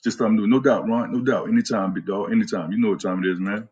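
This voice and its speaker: A man talks to his viewers as a fitness trainer on a casual stream, in a lowish, husky voice. He is blunt and profane, trash-talking his audience about getting in shape. He breaks off to greet people by name. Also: steady tone, fast, darkish tone, dull audio.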